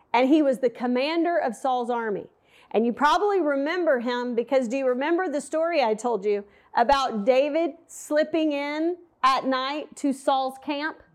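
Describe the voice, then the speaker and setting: A high-voiced woman gives a relaxed Bible lesson. She talks in an animated, chatty way and tosses in playful asides. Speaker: Bible teacher. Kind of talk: casual Bible teaching.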